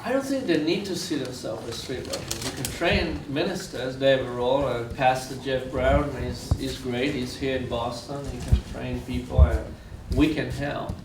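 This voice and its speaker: A man's voice: medium pitch, moderate pace, few pauses, roomy sound, noisy background. A man from Israel giving a lecture, telling stories earnestly and repeating phrases for weight, recorded from far off in a university lecture room. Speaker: guest lecturer. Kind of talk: storytelling lecture.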